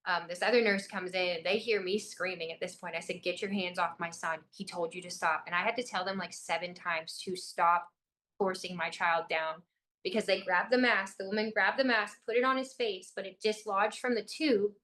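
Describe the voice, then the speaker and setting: A young woman from Illinois tells her story as an interview guest, her voice pitched in the everyday middle range. She speaks with urgency and intensity, pressing each point home. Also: fairly even intonation, normal speed, fairly bright tone, a little hiss or hum. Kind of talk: personal account in an interview.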